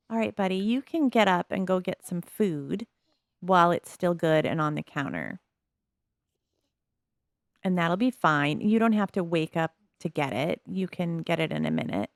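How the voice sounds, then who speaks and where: A woman's voice: lowish voice, big pitch swings, moderate pace, creaky, pauses often, no room sound, studio quality. A woman giving casual, amused commentary on her life-sim game as a video host. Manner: chatty, amused, narrates the characters' thoughts.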